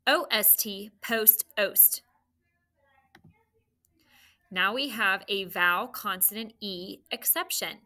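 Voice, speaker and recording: A woman's voice: medium pitch, slow pace, pauses often, pushed and bright. A woman teacher leading third graders through a phonics sound drill, spelling out each pattern step by step.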